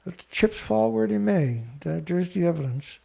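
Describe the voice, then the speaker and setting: A man hosting a show, reading research text aloud haltingly and breaking in with scornful remarks to an absent critic. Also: high-pitched, animated, creaky, darkish tone. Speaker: show host. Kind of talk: reading documents aloud with commentary.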